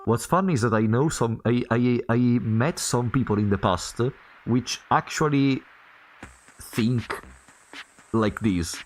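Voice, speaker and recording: A man's voice: takes it slowly, darkish tone, slight background noise. A man giving casual, hesitant commentary while he plays and reads a story game, with game music behind. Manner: low-key, hesitant, reads the game's lines aloud. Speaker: gamer playing a story game.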